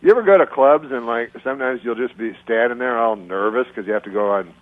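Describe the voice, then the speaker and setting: A man, a stand-up comedian, chatting casually in a dry deadpan way, pausing often with "uh". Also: medium pitch, narrow, tinny audio. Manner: deadpan, halting with many uh pauses. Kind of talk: casual chat between comedians.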